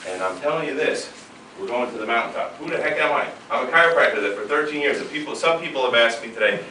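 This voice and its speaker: A man's voice: medium pitch, expressive, racing, pushed and bright, slight background noise. Fired-up man speaking in an echoey room. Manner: fired-up, emphatic. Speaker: seminar speaker. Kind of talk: motivational talk. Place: seminar room. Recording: echoey room, mic far off.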